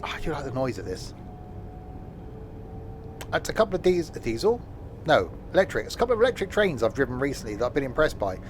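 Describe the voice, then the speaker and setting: A man's voice: medium pitch, big pitch swings, quick pace, pauses often, background noise. A man streaming a train simulator, rambling and self-mocking, with many fillers. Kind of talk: live gameplay commentary.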